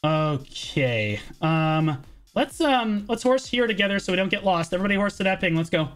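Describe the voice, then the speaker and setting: A man's voice: high-pitched, sing-song, moderate pace, a bit bright, soft background music. A man calling the shots in a team game over voice chat, urgent and commanding, repeating every order and swearing. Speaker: guild shotcaller.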